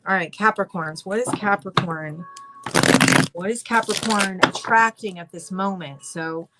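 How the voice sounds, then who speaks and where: Excitable woman giving a tarot reading. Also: mid-range voice, unhurried, heavy background noise. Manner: excitable, rambling, many restarts. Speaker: tarot reader. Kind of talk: casual spoken tarot reading.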